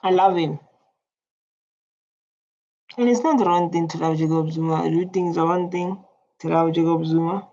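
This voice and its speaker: A woman's voice: on the low side, steady tone, fast, dark tone, highs cut off. A woman giving casual reaction commentary, rambling and repeating her words. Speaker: reaction video host.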